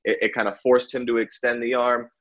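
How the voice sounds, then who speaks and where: A man co-hosting a casual sports chat who chuckles often and talks in a halting way, with fillers. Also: medium pitch, flat delivery, a bit bright, lo-fi sound. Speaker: podcast co-host, pitchside reporter.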